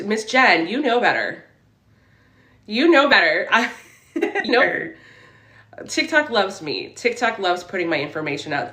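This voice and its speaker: A woman's voice: fairly low pitch, bright, forceful tone, reverberant. Upbeat spiritual woman chatting on a livestream. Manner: upbeat and affirming, preachy about mindset. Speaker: spiritual reader and livestream host. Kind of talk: casual livestream chat, reading viewer comments. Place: her room at home.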